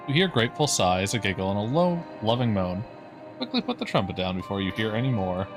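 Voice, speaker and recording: Male streamer from Canada, low and animated, wry narration over music. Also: a little fast. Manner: dry, wry, swears casually. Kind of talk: reading game text aloud on a livestream.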